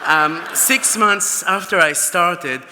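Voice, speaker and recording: Guy giving an award speech, kinda high voice, super bright and sharp, big echoey hall. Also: takes it slowly, slight background noise. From Israel. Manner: anecdotal storytelling with fillers and restarts. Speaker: award recipient. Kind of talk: acceptance speech. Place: large banquet hall. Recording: reverberant hall with PA.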